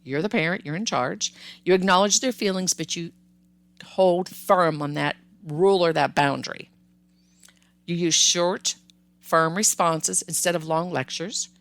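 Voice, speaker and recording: An older woman with a low voice hosts a parenting advice podcast. She speaks calmly and firmly, explaining and repeating her points to drive them home. The sound is dry and close. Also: measured pace, no echo. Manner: calm, firm, instructive, with repeated emphasis.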